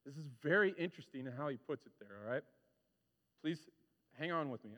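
Guy preaching, high voice jumping all over, big echoey church hall. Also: brisk. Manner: animated, conversational preaching with acted-out quotes. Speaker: pastor. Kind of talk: sermon. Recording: long reverb of a large hall.

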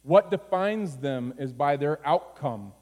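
A man preaching a sermon, moving from low, quiet phrases to high, urgent pleading. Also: lively intonation, takes it slowly. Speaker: pastor. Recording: long hall reverb.

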